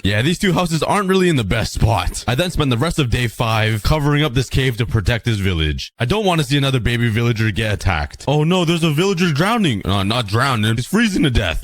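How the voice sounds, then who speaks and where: A young man narrating and reacting to his own survival game playthrough in an excitable, playful way. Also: mid-range voice, brisk, hardly any pauses. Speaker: gaming creator. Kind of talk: narrated gameplay commentary.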